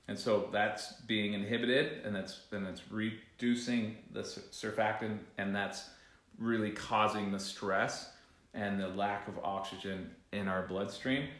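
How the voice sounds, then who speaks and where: A man's voice: on the low side, a bit bright. A man leading a casual breathing class, rambling, restarting sentences and joking aside to a co-host. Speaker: breathing coach. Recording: echoey room.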